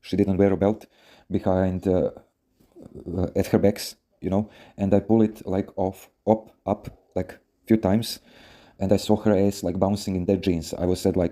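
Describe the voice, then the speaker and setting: Guy, really deep mellow voice, rambling podcast advice full of you know and swearing. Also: little pitch movement, normal speed. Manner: rambling, many fillers, frequent swearing. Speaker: podcast host. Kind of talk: casual storytelling advice podcast.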